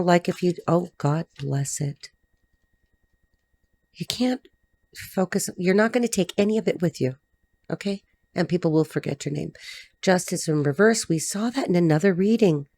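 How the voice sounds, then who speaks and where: Woman tarot reader, slightly low voice, blunt and excitable, casual to-camera delivery. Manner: blunt, excitable, swearing, talks to the cards. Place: dim room indoors.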